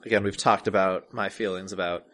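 A man co-hosting a podcast in casual chat, hesitant with many fillers and restarts, with a dry, deadpan humor. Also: low voice, fairly quick. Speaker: podcast co-host.

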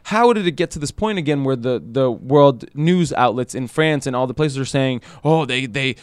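A man co-hosting a casual podcast chat, animated and sarcastic, often acting out the people he quotes. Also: mid-range voice, moderate pace, smooth, no room sound, studio quality. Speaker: podcast co-host.

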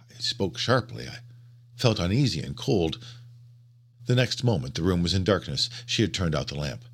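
A man reading a first-person story aloud with dramatic, hushed delivery. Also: deep voice, sing-song, moderate pace, husky. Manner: dramatic, hushed then rising to agitated. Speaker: narrator.

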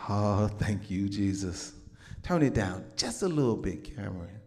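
A man's voice: on the low side, lively intonation, normal speed, a little mellow, husky. A male pastor preaching a sermon to his congregation, peppering his talk with amens and calling out to the saints. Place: church building with a congregation.

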